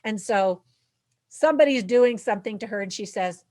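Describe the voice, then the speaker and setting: Woman, film reviewer, chatty and upbeat, mid pitch, close dry recording. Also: normal speed, a little mellow, no echo. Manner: upbeat, chatty, addresses parents directly. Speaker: film reviewer and channel host. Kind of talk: casual movie review to camera.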